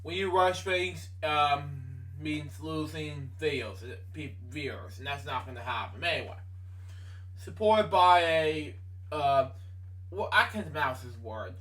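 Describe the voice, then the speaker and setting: Halting young man reading aloud slowly. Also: fairly high pitch, a bit bright. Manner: stumbling reader, many ums, frequent apologies for misspeaking. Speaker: amateur video maker reading facts aloud. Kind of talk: halting read-aloud narration. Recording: voice from a distance from the mic.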